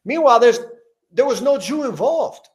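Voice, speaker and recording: A podcast host with a very high, expressive voice interviews a politician at normal speed in a heated conversation. He talks emphatically, restarts often, and grows more intense as he gets worked up.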